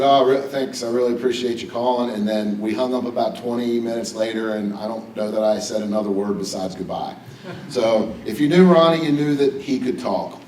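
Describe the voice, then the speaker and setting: A middle-aged man from West Virginia, USA, gives a personal, joking hall of fame acceptance speech at a podium in a banquet hall with an audience. His voice is medium-pitched and darkish. The hall is echoey, he's a bit off mic with the mic distant, and there's a little hiss or hum.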